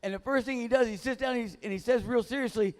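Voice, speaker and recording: A man's voice: very high voice, quick pace. A man doing a live stand-up set in a bar, telling profane stories casually and losing his train of thought. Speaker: stand-up comedian. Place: dive bar comedy room.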